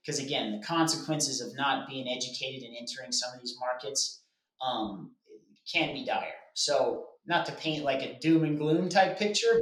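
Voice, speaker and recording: A man's voice: mid-range voice, fairly bright tone. A man speaking as a guest in a casual panel discussion, explaining earnestly with frequent restarts. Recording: roomy echo.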